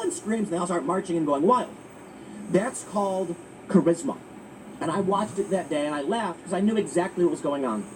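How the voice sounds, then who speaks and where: A man hosting political commentary, talking in an emphatic, animated way with frequent restarts. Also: high-pitched, fairly quick. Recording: distant mic with faint ambient noise.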